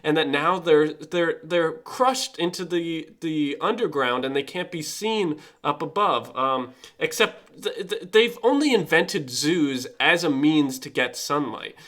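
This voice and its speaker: Bright, animated man telling a tall tale. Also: on the high side, a little slow, few pauses. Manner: rambling, stammering restarts. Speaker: streamer. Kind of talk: improv comedy storytelling.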